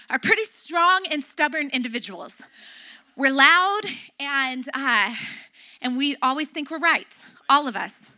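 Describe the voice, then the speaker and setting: A woman's voice: high-pitched, bright, forceful tone. A middle-aged woman pastor preaching a sermon, emphatic and repeating key phrases.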